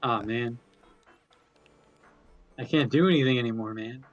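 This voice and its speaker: A man's voice: medium pitch, unhurried, dry recording, dull audio, soft background music. A man joining a casual gaming stream as a co-player, with dry, joking complaints. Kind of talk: casual gaming chat with friends.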